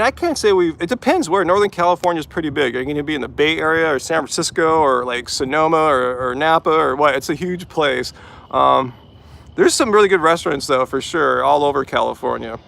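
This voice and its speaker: Here the stream host sounds gravelly and a bit bright, with a highish pitch, lively intonation and a fairly quick pace. He's a man running a casual post-run Q&A from his vehicle, chatting easily and filling gaps with lots of "like" and "um."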